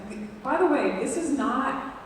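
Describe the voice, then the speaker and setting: A woman's voice: high-pitched, lively intonation, normal speed. A woman professor thinking aloud in a classroom discussion, often checking in with "right?". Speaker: visiting professor. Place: university lecture hall. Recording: echoey hall from far off, faint noise.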